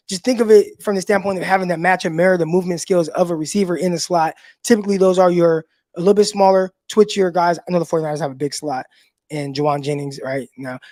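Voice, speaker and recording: A man's voice: a little high, a little mellow, dry recording. A man hosting a live sports call-in show, talking loosely with fillers and casual swearing. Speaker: sports podcast host.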